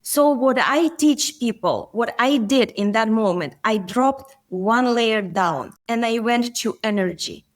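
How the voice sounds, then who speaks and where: High-voiced woman telling an earnest story. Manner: earnest, storytelling, occasional grammar slips. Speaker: guest, physician and coach. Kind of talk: conversational podcast interview.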